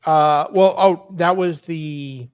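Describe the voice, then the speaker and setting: A man's voice: a little high, takes it slowly, clean tone, dry recording, lo-fi sound. An Australian man co-hosting a podcast, casually chatting and reading legal documents aloud in a jokey, mock-formal way. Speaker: podcast co-host.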